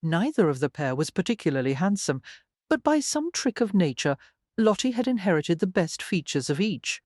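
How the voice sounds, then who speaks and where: Audiobook narrator, scripted narration, measured, dry close sound. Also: mid-range voice, big pitch swings, darkish tone, dry recording.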